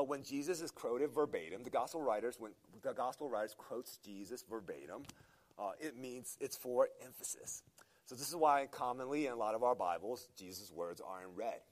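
A man preaching a sermon, opening with prayer and then teaching from scripture in an earnest, emphatic way, often restarting his phrases. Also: mid-range voice. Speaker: pastor.

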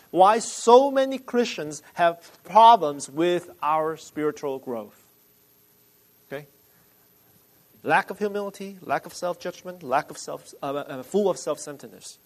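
A male pastor preaching a sermon in a somewhat high voice. He speaks emphatically and deliberately, and he repeats phrases for weight. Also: rough recording.

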